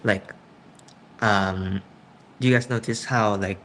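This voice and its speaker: A man's voice: on the low side, fairly even intonation, takes it slowly, fairly bright tone, a little hiss or hum, rough recording. A young man in a casual student discussion. He thinks aloud and checks in with others by asking "right?". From Thailand. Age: young adult.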